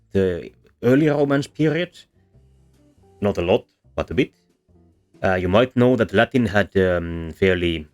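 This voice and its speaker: Man, very low voice, teaching in voice-over; hesitant, lots of ums and restarts, soft music underneath. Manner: hesitant, many fillers and restarts. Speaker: language history explainer. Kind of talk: explanatory voice-over lesson.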